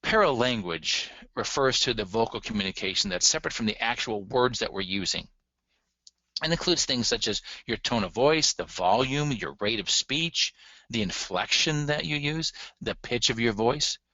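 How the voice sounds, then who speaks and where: A man's voice: medium pitch, animated, normal speed, sharp tone, no echo, dull audio. A man giving a recorded lecture on relationship communication, earnest and emphatic, speaking straight to his audience.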